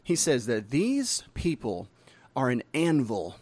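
A male pastor talks casually with a co-host. His pitch rises and falls freely as he jokes and explains. When he reads a quote, he slows down. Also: dry recording. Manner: animated and playful, reads quotes slowly. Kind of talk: casual podcast chat.

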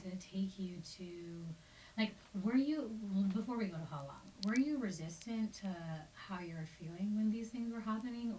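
A soft-spoken woman interviewer sharing her own grief reflectively, often dropping to a near whisper. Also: medium pitch. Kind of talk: reflective conversation about grief. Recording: distant mic with faint hiss.

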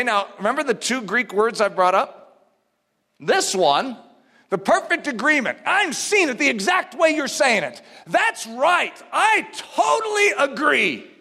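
Male preacher, animated and emphatic, sharp bright tone, long hall reverb. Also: high voice. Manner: animated, emphatic, conversational teaching. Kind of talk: sermon.

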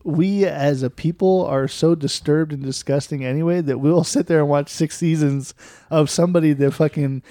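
A man's voice: a little high, fairly even intonation, moderate pace, mellow, no echo, clean studio sound. A man co-hosting a casual podcast chat, crude and joking, laughing often. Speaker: podcast co-host.

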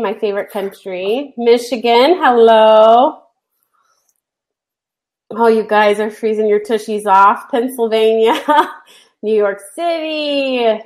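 Friendly woman co-host, unhurried, slightly high voice. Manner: slow, friendly, greets attendees warmly. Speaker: webinar co-host. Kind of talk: casual webinar chat.

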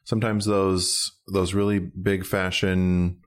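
Easygoing man with a very deep voice. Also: flat delivery, takes it slowly. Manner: easygoing, enthusiastic, hedging with "like". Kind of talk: casual chat.

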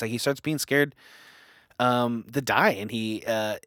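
A man's voice: mid-range voice, moderate pace, fairly bright tone, dry recording, clean studio sound. A young man in casual book talk, rambling with many fillers and restarts. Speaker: book discussion co-host.

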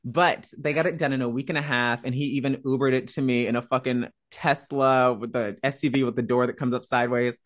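A woman being interviewed, telling a story in a lively, profane way and acting out other people's lines. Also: rumbling low, a little fast, few pauses. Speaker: interview guest. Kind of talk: casual storytelling chat.

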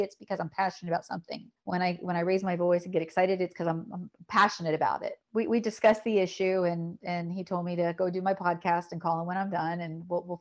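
A middle-aged woman telling a painful personal story in a podcast conversation, emotional and halting, often repeating words. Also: fairly low pitch. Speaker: podcast guest.

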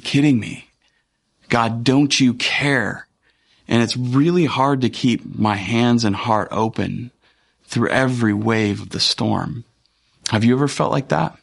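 A man, a pastor, giving a conversational and earnest sermon with frequent pauses and fillers. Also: mid-range voice.

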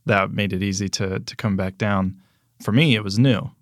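A man's voice: lowish voice, steady tone, normal speed, dry recording, studio quality. A young man from Pennsylvania, a podcast guest, telling his story plainly and steadily. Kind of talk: casual interview talk.

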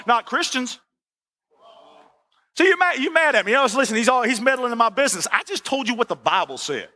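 A man preaching a sermon as the pastor, folksy and animated, repeating "listen" and asking for "amen". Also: very high-pitched, fast.

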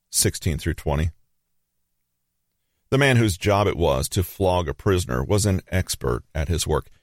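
A man reading a scripted Bible story as narrator, measured and grave, with dramatic pauses. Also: deep voice, no echo, studio quality.

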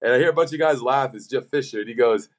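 A young man, a pro football player, casually telling a long anecdote with lots of fillers and lively retelling. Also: mid-range voice, quick pace. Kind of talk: casual storytelling.

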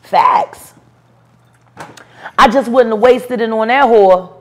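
A woman in her forties, an interview guest, telling stories in a brash, profane, animated way with bursts of laughter. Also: a little high, slow. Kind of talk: storytelling interview.

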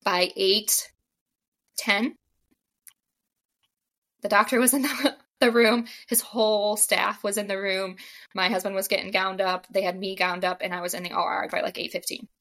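A young woman telling her own story in a casual podcast interview, animated, acting out the dialogue and saying "like" a lot. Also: mid-range voice, normal speed, long pauses. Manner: animated, acts out quoted dialogue, frequent "like". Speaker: podcast guest.

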